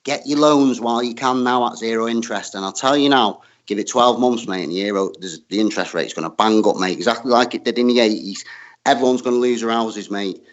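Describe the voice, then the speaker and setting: A man's voice: medium pitch, a little fast, lo-fi sound. Heated man saying "mate". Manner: argumentative, keeps adding "mate", heated. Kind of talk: heated argument.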